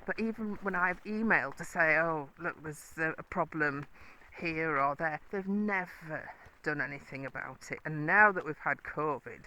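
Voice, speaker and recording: A woman's voice: deep voice, normal speed, bright, forceful tone, slight background noise, rough recording. A woman riding her horse on a bridleway, chatting casually and coaxing the horse with praise. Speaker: horse rider and vlogger. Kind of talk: casual talk while riding.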